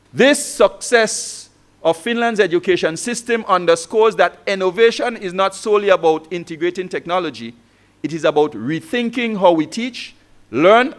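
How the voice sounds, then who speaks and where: High-voiced man giving a keynote. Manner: storytelling with rhetorical questions. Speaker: keynote speaker, former lecturer. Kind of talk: motivational conference talk.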